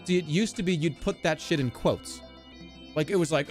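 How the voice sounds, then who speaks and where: Man, 30s, livestreamer riffing with chat, loud bursts then low mutters, animated pitch, a touch high. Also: fairly quick, faint music behind. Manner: animated and jokey, swings between loud outbursts and low mutters. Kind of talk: casual chat with live chat.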